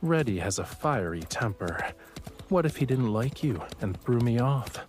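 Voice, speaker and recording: A man's voice: medium pitch, sing-song, moderate pace, darkish tone, faint music behind, lightly acted. An actor voicing a teasing, self-assured young man in a game, talking with playful, lightly mocking ease. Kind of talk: game voice acting.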